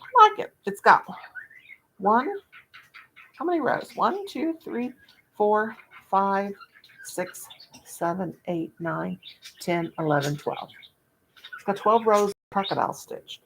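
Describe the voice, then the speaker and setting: A woman's voice: medium pitch, lively intonation, slow, pauses often, a bit bright, a little hiss or hum. An older woman, hosting a casual livestream chat with viewers, folksy and self-mocking, laughing at her own jokes. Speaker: livestream host.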